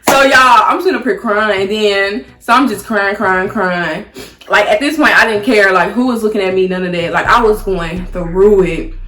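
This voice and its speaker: A young woman tells a personal story to camera in a chatty, animated way, full of "like" and "y'all". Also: medium pitch, normal speed, slight background noise. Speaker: vlogger. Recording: echoey room with faint music.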